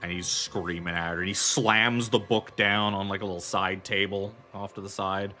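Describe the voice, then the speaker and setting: A man's voice: on the low side, level tone, moderate pace, sharp tone, soft background music. A man narrating as game master of a tabletop horror game, rambling loosely with many fillers.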